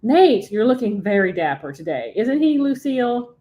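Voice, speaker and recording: A woman's voice: on the high side, very animated, moderate pace, mellow, voice pushed up. A woman voicing a gracious, middle-aged socialite mother with a gushing, genteel manner while reading from a novel.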